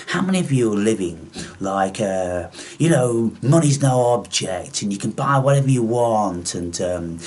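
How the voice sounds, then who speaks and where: A man's voice: fairly low pitch, expressive, moderate pace, darkish tone. A man, delivering a scornful, profane, rambling monologue to his viewers. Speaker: vlogger. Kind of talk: ranting monologue.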